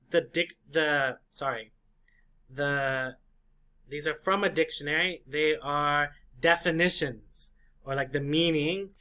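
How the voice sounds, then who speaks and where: A man teaching an English vocabulary lesson, slowly repeating and drilling each word for learners. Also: a little high, bright, forceful tone. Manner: slow, repetitive drilling of words.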